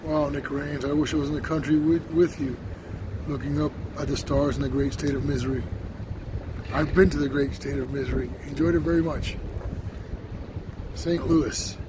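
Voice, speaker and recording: A man live-streaming as he walks a city street, talking loudly and excitably, laughing and swearing often. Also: a little high, moderate pace, long pauses. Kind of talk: casual live-stream vlog. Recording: noisy street with passing traffic. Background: traffic noise.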